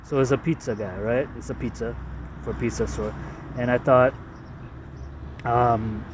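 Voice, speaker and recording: A Canadian man with a mid-range voice and fairly even intonation speaks a little slowly, recorded from a distance with background noise. He's an artist casually rambling through his drawings, hesitant and self-deprecating, using lots of fillers.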